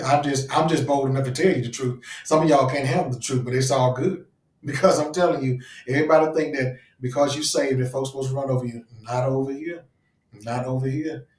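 A man's voice: medium pitch, a little mellow. Fiery man preaching, far from the mic. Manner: call-and-response preaching, stretches key phrases slowly. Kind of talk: sermon. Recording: roomy sound, voice off-mic.

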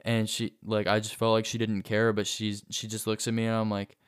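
A man's voice: lowish voice, completely flat delivery, fairly quick, smooth. A young man casually telling a personal story, rambling with many fillers and restarts. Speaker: vlogger.

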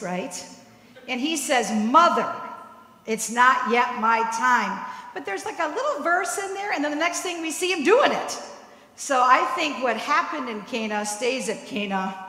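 Woman preacher with a high, bright voice who tells stories and checks in with "right?", heard in a reverberant hall. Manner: storytelling, tagging points with "right?". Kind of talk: sermon. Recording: echoey hall with long reverb.

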